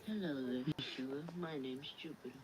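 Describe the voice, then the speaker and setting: A man voicing a cheerful female engine, soft and faint, in a noisy, distant fan recording. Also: mid-range voice, normal speed, lightly acted. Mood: cheery.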